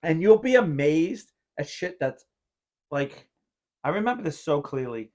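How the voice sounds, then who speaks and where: A man on a podcast in loose casual chat, his voice sitting a little high for a man. He rambles through a story, leaning on "like" and acting out what he once said. It is an easygoing, unscripted delivery. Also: big pitch swings, measured pace, darkish tone. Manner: rambling storyteller, acts out his own past reactions; heavy use of filler "like". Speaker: podcast host.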